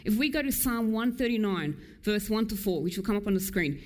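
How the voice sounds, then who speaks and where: A woman preaching a sermon in a church, earnest and emphatic. She speaks at a mid pitch and moves between fast, pressing passages and slow, low, drawn-out lines. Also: lively intonation.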